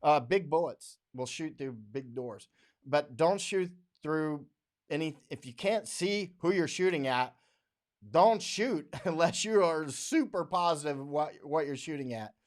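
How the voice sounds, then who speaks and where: A little slow but with lively intonation, this fairly high-pitched American man hosts a casual livestream, reading viewer comments into a studio microphone. He talks bluntly and rambles, laughs often, and mocks others by imitating their voices as he quotes them.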